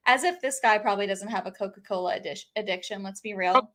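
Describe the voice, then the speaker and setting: A young woman hosting a casual interview, chatty and quick to laugh as she prompts her guest. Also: medium pitch, fairly bright tone. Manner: chatty, laughing, reading tweets aloud.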